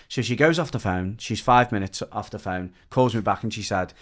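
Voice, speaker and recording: A man's voice: fairly low pitch, normal speed, few pauses, fairly bright tone. A British man on a podcast, telling a personal story in a rambling, emotional way with lots of quoted dialogue. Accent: British English. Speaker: podcast guest. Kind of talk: casual storytelling chat.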